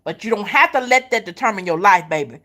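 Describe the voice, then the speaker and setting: A woman's voice: mid-range voice, lively intonation, fast talker, fairly bright tone. A middle-aged woman giving a faith-based pep talk, repeating her points with emphasis and calling the listener baby and honey. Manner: emphatic repetition, folksy Southern-style phrasing. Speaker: motivational speaker.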